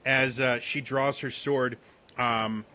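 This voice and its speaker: A man narrating a tabletop game as game master, in a casual, halting way with many fillers. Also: medium pitch, fairly even intonation, sharp tone.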